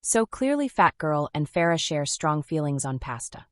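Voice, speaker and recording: A woman with a low voice narrates a scripted commentary, measured and wry in delivery. The sound is close and dry, with no room around it. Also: very animated, no echo.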